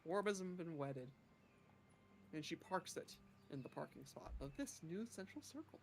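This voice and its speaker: Woman player narrating her moves in a tabletop game, casual, pitch swings all over, lowish voice. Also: sing-song, moderate pace, slight background noise. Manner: narrates actions casually, with laughs. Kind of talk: tabletop role-play narration.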